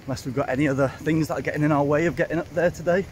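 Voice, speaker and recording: Climbing a hillside trail, a man from Wales narrates a casual vlog on a handheld phone in a high-side, steady voice, talking very fast. He chats away, mocks himself, keeps calling viewers folks and is sometimes breathless, with wind and ambient noise in the recording.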